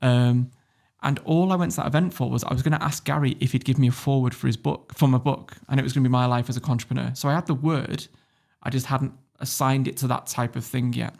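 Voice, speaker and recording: A British man in his thirties tells a story as a podcast guest. He is blunt, sweary and animated. His middle-pitched voice has a gravelly rasp. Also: fast, few pauses. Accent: British English. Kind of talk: casual storytelling.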